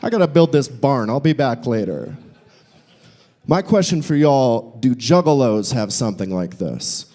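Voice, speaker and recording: Animated young man doing stand-up. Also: unhurried. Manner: animated, swings into high squeaky voices for bits. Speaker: stand-up comedian. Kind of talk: live stand-up set. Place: brewery comedy show.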